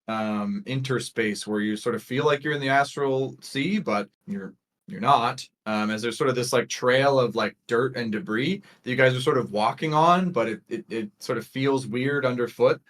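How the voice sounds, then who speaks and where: A man's voice: medium pitch, moderate pace, a bit bright. A man running a tabletop game as game master, narrating hesitantly with many fillers.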